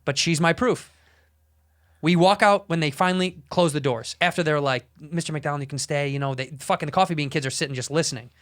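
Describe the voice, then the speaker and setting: Profane storytelling man, smooth voice. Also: a little high, a little fast. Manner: animated, profane, with frequent restarts. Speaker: podcast co-host. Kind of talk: casual storytelling.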